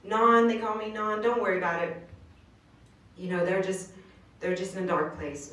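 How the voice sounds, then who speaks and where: A woman's voice: mid-range voice, unhurried, pauses often, fairly bright tone. A woman giving an earnest inspirational speech at a live venue, telling her story in casual slang. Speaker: motivational speaker. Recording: roomy distant live recording.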